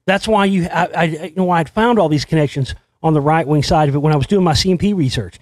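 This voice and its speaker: A man hosting his own show, delivering a rambling, excitable monologue full of restarts and swearing. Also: a little high, fast, no echo. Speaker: show host. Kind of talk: conspiracy commentary monologue.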